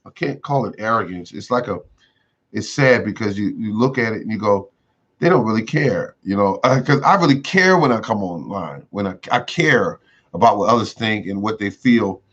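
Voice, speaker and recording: A man's voice: lowish voice, lively intonation, normal speed, fairly bright tone. A man hosting a casual gardening livestream, rambling and repeating himself with many fillers. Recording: dull lo-fi sound.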